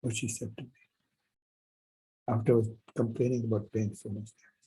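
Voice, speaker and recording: A male university professor giving a lecture, telling a personal story in an animated, emphatic way with many repetitions. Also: lowish voice, moderate pace, breathy edge, rough recording.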